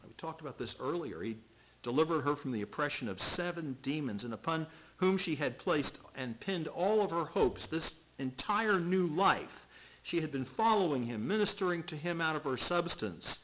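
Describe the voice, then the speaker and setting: A middle-aged male pastor preaching an expository sermon, reading scripture aloud and repeating words as he swings from loud to hushed. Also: fairly high pitch, lively intonation, normal speed, rough recording.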